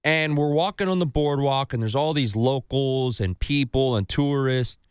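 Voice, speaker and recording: A man hosts a casual podcast, mid-pitched and dry on the mic. He tells stories in an animated way, swears freely and acts out other people's lines. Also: moderate pace, clear, resonant tone, dry recording. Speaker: podcast host.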